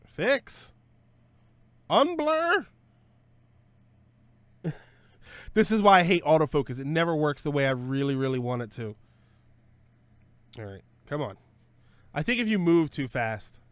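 Rambling, joking man, slightly high voice. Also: very animated, a little slow, long pauses, clean tone, no echo. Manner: rambling, joking, thinking aloud; self-correcting with frequent fillers. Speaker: streamer host. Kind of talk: casual live-stream chat.

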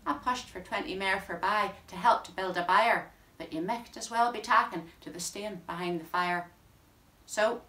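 A woman's voice: medium pitch, fairly bright tone, close to an everyday voice. A woman with a Northern Irish accent reads a dialect poem in the voice of a rueful, greying bachelor farmer, in broad rural speech. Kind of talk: poetry reading in dialect. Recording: roomy sound from a distant mic.

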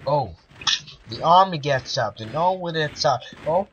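Slow-talking man mumbling gameplay commentary. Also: fairly high pitch, lively intonation, a bit bright, slight background noise. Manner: rambling, mumbled asides. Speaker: gamer. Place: at home with pets. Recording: dull lo-fi with faint music.

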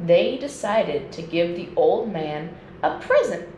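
A woman nature educator reading a children's storybook aloud at home, in a slow and expressive read-aloud manner. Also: on the low side. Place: indoors at home. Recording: echoey room with faint noise.

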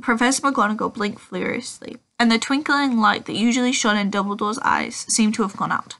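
Woman reader, fairly high voice, amateur read-aloud with frequent slips and self-corrections. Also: a little fast, fairly bright tone. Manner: stumbles and corrects herself often. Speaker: audiobook reader. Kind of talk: children's book read-aloud.

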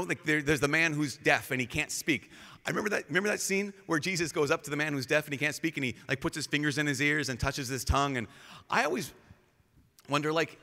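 A man, a priest, giving a lively storytelling talk with casual fillers, acting out quotes in changing voices. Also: a little high. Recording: live talk with long hall reverb.

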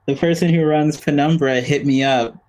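A man's voice: on the high side, steady tone, normal speed, darkish tone, poor audio. A man chatting casually as a guest musician, laid-back, laughing often and swearing casually. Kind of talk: casual chat.

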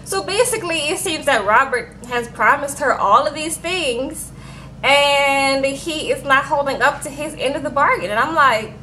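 A woman recapping a reality show in a chatty, animated way, often tagging lines with "okay?". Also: high-pitched, normal speed, slight background noise, low-quality recording. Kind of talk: casual storytelling recap.

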